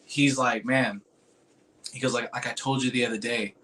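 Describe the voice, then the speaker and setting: A man's voice: mid-range voice, fairly even intonation, normal speed, sharp tone. Rambling, swearing man telling a story. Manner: rambling and informal, heavy on "like" and "dude", swears freely; earnest and emotional when recalling a moving moment. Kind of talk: casual storytelling.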